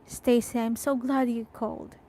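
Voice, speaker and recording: A woman voicing a worried middle-aged mother on the phone, asking gentle, probing questions. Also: fairly high pitch, little pitch movement, moderate pace, close to an everyday voice. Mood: concerned.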